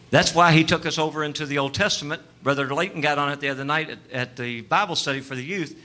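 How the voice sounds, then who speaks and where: A male preacher, delivering a sermon that moves between hushed, tender passages and loud, animated storytelling. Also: on the high side, fast, few pauses.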